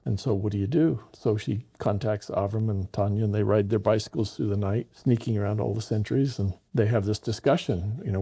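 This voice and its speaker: A man telling a true story in an animated way and acting out the voices of the people in it. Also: on the low side, fairly quick, breathy edge.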